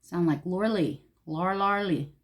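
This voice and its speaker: Woman, somewhat low voice, casual makeup tutorial chat, gushing, talks to herself. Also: measured pace. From Los Angeles, California. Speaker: beauty vlogger.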